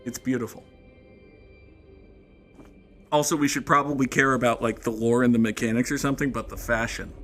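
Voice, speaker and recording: A man's voice: medium pitch, fairly even intonation, a little fast, pauses often, fairly bright tone, soft background music. A man hosting a let's play, giving casual gameplay commentary with jokes, wry asides and frequent laughs.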